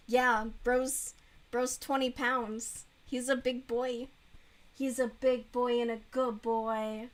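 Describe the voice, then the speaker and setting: A woman's voice: a little high, flat delivery, slow. A woman streamer in casual chat while crocheting, bluntly and mockingly reviewing books. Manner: blunt, frank, mocking book review with laughs.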